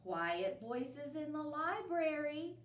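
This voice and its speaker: A woman voicing a small, polite male mouse who speaks quietly and gently. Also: high voice, sing-song, takes it slowly, echoey room, distant mic, slight background noise, pitched above the performer's own voice, heavily acted. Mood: gentle.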